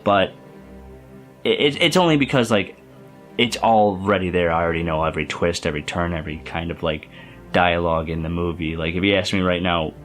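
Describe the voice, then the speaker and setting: A man's voice: sits low, steady tone, a little fast, fairly bright tone, soft background music. A young man casually reviewing a favorite film in a rambling, enthusiastic vlog, full of fillers and restarts. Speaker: youtuber.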